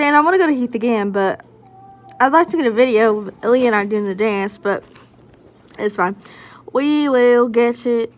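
A young woman vlogging casually to a phone camera, bubbly and rambling, often laughing. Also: medium pitch. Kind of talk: casual vlog chat.

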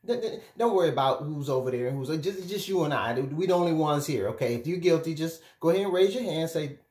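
A man speaking as a relationship and life coach, giving direct-to-camera advice in an animated, emphatic way, often checking in with his listeners. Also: fairly high pitch, a little fast, few pauses. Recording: echoey room.

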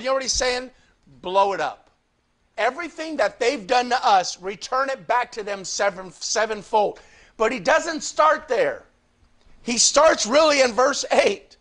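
A man preaching a Bible study sermon, reading scripture aloud and swinging from quiet confiding asides to fervent, pleading outbursts. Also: animated, a little slow. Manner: rises into fervent shouted pleading, then drops low. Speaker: pastor.

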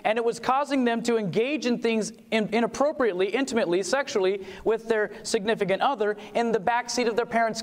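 A man giving a lively seminar lecture on music, asking the audience questions and singing short demos. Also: sits high, fast talker, few pauses. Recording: long hall reverb.

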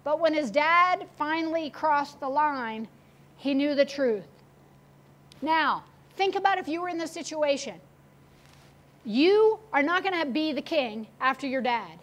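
A woman pastor preaching a sermon, retelling a story with animated, acted-out quotes. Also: high-pitched, measured pace.

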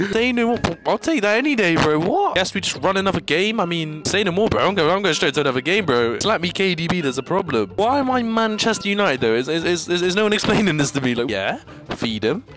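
A young man talks over a football game in a casual, ranting commentary. His voice sits slightly high and swings through a very lively range, jumping into sudden yelps, and he stammers through restarts. Faint music plays underneath. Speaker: gaming YouTuber.

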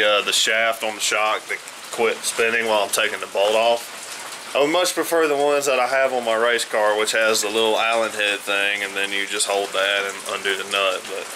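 A man's voice: lowish voice, background noise. A man vlogging his DIY truck work in a loose, rambling way, full of ums and uhs, talking from inside his house. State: groggy, just woken up. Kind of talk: casual workshop vlog.

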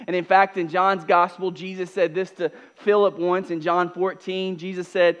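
Pastor, man, fairly high voice, preaching loud then hushed, faint mains hum. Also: flat delivery, normal speed, hardly any pauses, smooth. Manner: swings from loud emphatic preaching to soft, hushed asides. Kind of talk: sermon. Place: church.

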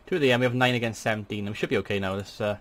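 A young man giving chatty let's play commentary as a gaming channel host, swearing in sudden excited outbursts at a desk microphone. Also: lowish voice, racing.

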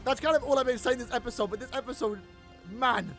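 A man hosting an anime reaction video, reacting loudly with shouts and drawn-out cries, then recapping in a calmer, rambling way. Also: very high-pitched, gravelly, faint music behind. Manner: hyped, shouts and stretches out words in dismay. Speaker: anime reaction channel host. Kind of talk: excited anime reaction commentary.

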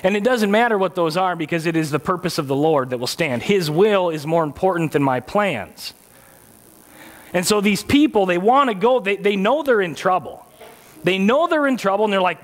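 A man with a notably high voice delivers a sermon in a church. He keeps it conversational, joking with his listeners and putting rhetorical questions to them. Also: lively intonation, moderate pace. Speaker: pastor.

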